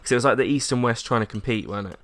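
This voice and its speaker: A young English man in casual podcast chat, animated, acting out the people in his story. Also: mid-range voice, very fast. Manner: animated storyteller, acts out quotes, laughs often. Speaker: podcast co-host.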